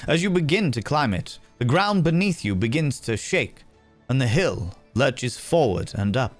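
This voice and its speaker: A man narrating as game master for a streamed tabletop game, unhurried and dotted with fillers. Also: medium pitch, sing-song, no echo, faint music behind.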